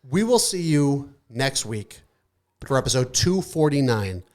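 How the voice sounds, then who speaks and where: A man hosting a casual gaming podcast, signing off with loud, profane, mock-angry hype. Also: medium pitch, sing-song, measured pace. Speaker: podcast host.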